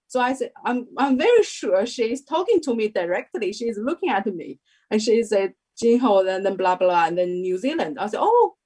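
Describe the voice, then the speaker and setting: Young woman guest telling her story, slow careful english, lots of ums and pauses. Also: mid-range voice, a little mellow. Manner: hesitant, many pauses and fillers. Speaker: guest sharing a testimony. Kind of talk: casual spoken testimony.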